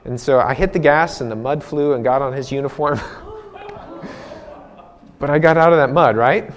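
A man's voice: mid-range voice, moderate pace. Guy preaching, chatty storytelling sermon, keeps restarting, mid-range voice. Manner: conversational, repeats and restarts, laughs at himself.

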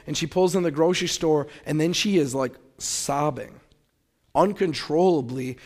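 Earnest man with a slightly high voice. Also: darkish tone. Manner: earnest and reflective. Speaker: speaker giving a personal testimony. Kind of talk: personal testimony with prayer.

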